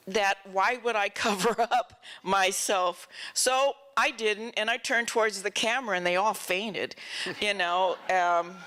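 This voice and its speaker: A woman telling lively stories as the honored guest in an onstage film festival Q&A. She laughs often and acts out other people's lines. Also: mid-range voice, clear, resonant tone. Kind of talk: onstage interview storytelling. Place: festival stage before an audience.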